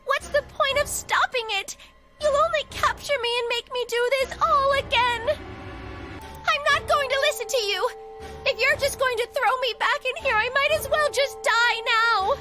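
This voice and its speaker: A very high, desperate trapped young woman. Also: normal speed, over loud music. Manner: pleading, tearful outbursts. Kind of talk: video game voice acting.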